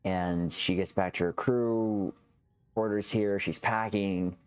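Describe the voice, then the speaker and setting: A man's voice: on the low side, fairly even intonation, takes it slowly, clear, resonant tone. A man hosting a reaction channel, casually recapping a TV episode in a loose, rambling way with frequent restarts, talking straight to his viewers. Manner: rambling, restarts often, addresses viewers as captains.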